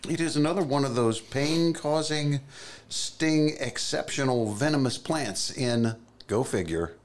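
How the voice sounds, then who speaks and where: A man's voice: medium pitch, measured pace. A man co-hosting a casual studio podcast, joking around and reading out odd facts. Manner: playful, joking, reads out facts. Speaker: co-host.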